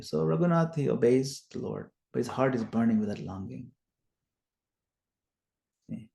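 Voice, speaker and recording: A man's voice: mid-range voice, unhurried, gravelly, long pauses. Man retelling scripture in an echoey room. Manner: animated retelling, acts out quoted lines loudly. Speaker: scripture study teacher. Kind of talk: storytelling scripture class.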